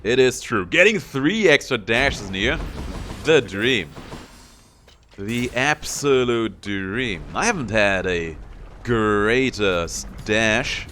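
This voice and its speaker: A man's voice: lowish voice, animated, takes it slowly, bright, forceful tone, a little hiss or hum. A young man giving casual commentary on his own gameplay, playfully taunting enemies as he goes. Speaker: gameplay streamer.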